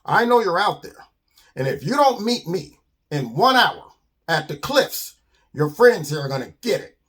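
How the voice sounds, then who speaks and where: A scheming, bossy fox villain from a spoken children's story, put on by a male storyteller. His voice is husky and swings up and down as he issues threats. The delivery is plain and close to an ordinary talking voice. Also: high voice, very animated, a little slow, fairly bright tone, exaggerated voice. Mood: menacing.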